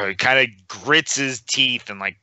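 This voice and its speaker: A man playing in a tabletop game, answering slowly and hesitantly. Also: on the low side, sharp tone, no room sound. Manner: slow, hesitant responses. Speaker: player. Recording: muffled lo-fi recording.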